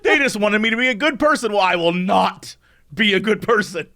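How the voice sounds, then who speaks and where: A man's voice: high-pitched, lively intonation, fairly quick, bright, forceful tone. A man co-hosting a podcast in casual chat, making wry, sarcastic asides. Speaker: podcast co-host.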